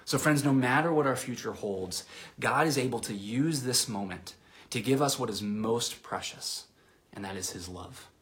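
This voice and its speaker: A man preaching a sermon to his congregation in a relaxed, conversational way, with fillers and restarts, sometimes dropping to a soft near-whisper. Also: medium pitch, moderate pace. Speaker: pastor.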